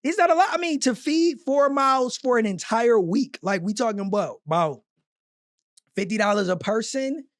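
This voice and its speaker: A man's voice: very high voice, expressive, moderate pace, dry recording, studio quality. A man giving casual, slangy reaction commentary on clips, laughing often as he talks.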